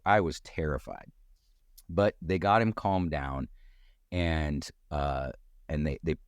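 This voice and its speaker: Deep-voiced man telling a dramatic story. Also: no room sound, clean studio sound. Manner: animated, acts out quoted voices with sudden pitch jumps. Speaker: guest storyteller. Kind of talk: casual storytelling in an interview.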